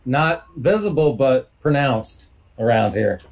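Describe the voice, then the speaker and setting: A man's voice: mid-range voice, expressive, measured pace. A man chatting casually on a grower panel, joking and telling stories. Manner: joking, storytelling, laid-back. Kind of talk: casual chat.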